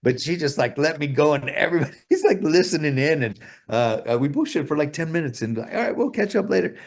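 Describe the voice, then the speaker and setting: A man's voice: a little high, quick pace. A male guest telling stories in a casual interview, rambling and swearing a lot. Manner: profane, rambling, full of fillers.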